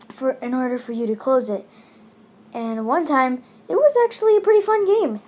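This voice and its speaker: Slow, rambling woman gamer. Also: fairly high pitch, darkish tone, a little hiss or hum. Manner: rambling, chatty, lots of fillers. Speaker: gaming channel host. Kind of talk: casual gameplay commentary.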